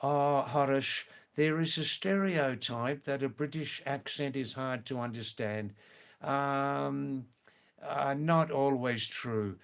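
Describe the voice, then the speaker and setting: Australian male streamer, unhurried and deliberate, mid-pitched, chuckles often while reading comments. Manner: slow, careful and clear, with frequent chuckles. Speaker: live stream host. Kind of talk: casual live-stream chat reading viewer comments.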